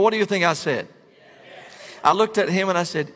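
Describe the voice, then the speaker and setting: Middle-aged preacher, comic storyteller, higher male voice, big-hall reverb. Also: brisk. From Syria. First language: Arabic. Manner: animated, comic storytelling to a congregation. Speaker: pastor. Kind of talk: sermon with humorous storytelling. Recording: long reverb of a large hall.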